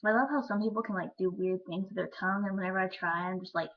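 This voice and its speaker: A teenage girl rambling in a casual vlog chat, full of "like" and quick asides. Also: mid-range voice, steady tone. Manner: chatty, rambling, lots of "like". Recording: lo-fi webcam audio.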